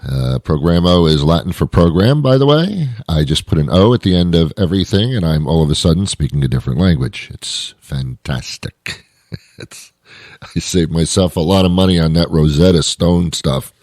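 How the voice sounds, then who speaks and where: A man's voice: low-pitched, expressive, normal speed, darkish tone, no echo, clean studio sound. A man hosting his own show, delivering a rambling comic monologue full of wry asides and self-interruptions. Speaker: show host. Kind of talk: comedic monologue.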